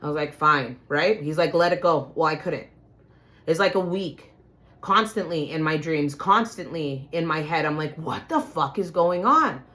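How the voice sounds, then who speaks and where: A woman telling a personal story in a casual, animated way, swearing freely and talking straight to her listeners. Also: sits low, normal speed. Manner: profane, animated, addresses listeners as "you guys".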